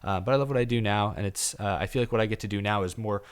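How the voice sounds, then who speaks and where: A young man hosting a relaxed podcast, his voice sitting fairly low. He rambles in an easygoing, self-deprecating way, with lots of fillers and small restarts. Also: very fast, clear, resonant tone. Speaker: podcast host. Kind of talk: casual podcast chat.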